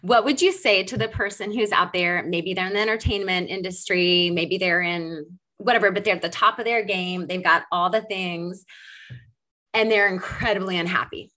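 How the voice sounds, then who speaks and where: A woman's voice: mid-range voice, normal speed, sharp tone. Enthusiastic woman hosting a faith podcast. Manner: enthusiastic, reflective, laughs easily. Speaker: podcast host.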